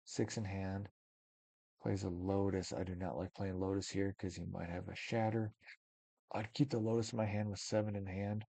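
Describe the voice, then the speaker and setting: A man with a low, gravelly voice commentates a card game in a relaxed, thinking-aloud way. His tone is dark and mellow, recorded close and dry. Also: no echo. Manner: musing, thinks aloud with many maybes. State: yawning, tired. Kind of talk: casual match commentary.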